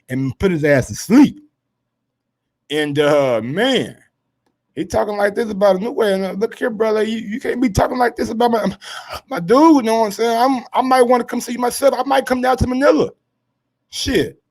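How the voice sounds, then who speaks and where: A man hosting a casual sports commentary show, brash and profane, swinging from low asides to loud heated rants.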